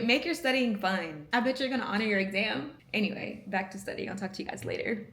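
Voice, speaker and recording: A woman's voice: medium pitch, fast talker, hardly any pauses, fairly bright tone, reverberant. A woman in her thirties who is a medical student, chatting casually and playfully to her vlog camera at home and poking fun at herself. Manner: chatty, playful, self-mocking.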